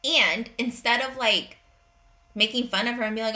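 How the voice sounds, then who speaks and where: A woman's voice: on the high side, normal speed, sharp tone. A woman in her thirties hosting a parenting podcast, speaking earnestly and directly in a conversational monologue.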